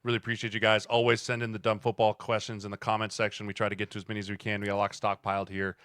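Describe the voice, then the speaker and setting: Smooth, low-voiced male podcast host. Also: completely flat delivery, rapid-fire, a bit bright, no echo, clean studio sound. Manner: easygoing, reads questions and plugs the channel. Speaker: podcast co-host reading viewer questions. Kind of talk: casual sports chat.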